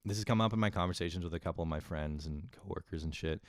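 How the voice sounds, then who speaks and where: A man's voice: low voice, fast talker, no echo. A young man hosting a casual solo podcast, rambling and swearing a lot, laughing at himself as he talks into a close mic. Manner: rambling, profane, self-deprecating, with frequent laughs. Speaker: podcast host.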